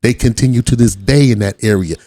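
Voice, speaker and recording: A man's voice: medium pitch, a little fast, dark tone, no echo. A man from Watts giving blunt, profane reaction commentary on a video as the channel host. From Watts, Los Angeles. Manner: blunt, profane street talk.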